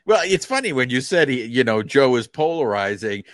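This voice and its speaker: A man's voice: medium pitch, big pitch swings, normal speed, no room sound, clean studio sound. A man hosting a casual interview podcast, talking bluntly and swearing freely as he builds up to a question. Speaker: podcast host.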